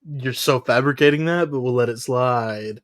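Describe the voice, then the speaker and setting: On a laid-back wrestling podcast, this American co-host speaks at medium pitch and a moderate pace. He rambles through the news, laughing often and filling gaps with plenty of "uh".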